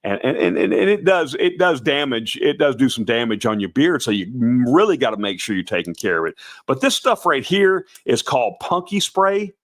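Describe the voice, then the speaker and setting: A man with a slightly raspy voice hosting a live stream, talking in a folksy, rambling way and often restarting his sentences. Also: medium pitch, sing-song, normal speed, fairly bright tone. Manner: folksy and rambling, with many restarts, calling viewers brother and guys. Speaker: host of a Santa performer show. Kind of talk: casual live-stream chat.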